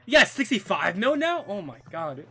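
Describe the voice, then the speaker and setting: A young man streaming gameplay live, trash-talking opponents excitably and calling everyone bro and dude. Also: high voice, normal speed, soft background music. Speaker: gaming streamer.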